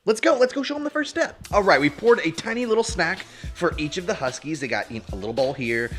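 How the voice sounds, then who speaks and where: A man's voice: sits high, animated, quick pace, a bit bright, faint music behind. Playful young man teaching dog care. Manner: playful and jokey, calls viewers bro and dude. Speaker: dog trainer and video host. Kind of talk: casual instructional vlog. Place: home with his dogs.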